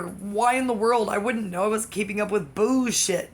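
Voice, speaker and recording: Delivered at a moderate pace in a gravelly, medium-pitched voice, this comic monologue rambles across subjects, swinging between excitable outbursts and abrupt whispers. There's a slight hum of background noise.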